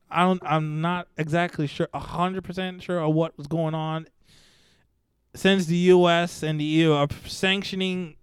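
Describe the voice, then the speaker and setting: A man giving casual, blunt, profanity-laced commentary on news stories, mocking and animated as he goes. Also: on the high side, clean tone, dry recording.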